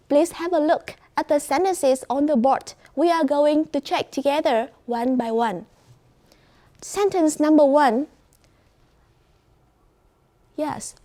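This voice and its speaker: A woman English teacher with a Vietnamese accent, running a class and guiding her students slowly and clearly with encouragement. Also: high-pitched, mellow.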